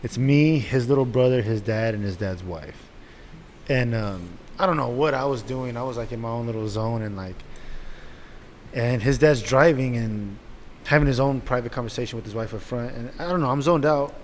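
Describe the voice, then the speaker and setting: Young dude ranting a story, swears a lot, kinda echoey room with some hiss. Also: male voice, medium pitch, normal speed. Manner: animated, profane, laughing storyteller. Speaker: podcast host. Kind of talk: casual storytelling. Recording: echoey room with faint noise.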